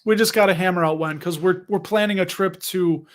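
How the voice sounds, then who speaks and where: A young man with a rather high voice hosts a laid-back livestream. He chats with his viewers in a rambling, jokey way, full of fillers and quick self-corrections. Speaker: livestream host reading viewer comments. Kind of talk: casual livestream chat about dividend investing.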